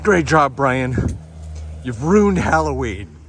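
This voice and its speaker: A man voicing a middle-aged father obsessed with Halloween, giving loud, dead-serious orders. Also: medium pitch, big pitch swings, takes it slowly, slight background noise. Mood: deadpan scolding.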